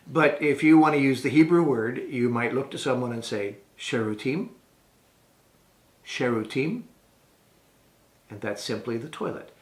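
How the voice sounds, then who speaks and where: Patient man teaching words in a roomy echo. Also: mid-range voice. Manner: patient, spells words out slowly. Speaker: tour leader teaching travel phrases. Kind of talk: casual spoken lesson to camera.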